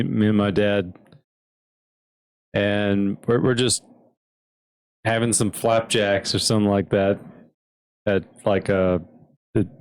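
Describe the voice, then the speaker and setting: A man chats casually and tells a story, stopping and restarting often. He talks slowly in a fairly low voice. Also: a little mellow, clear, resonant tone. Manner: halting, with many restarts. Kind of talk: casual chat.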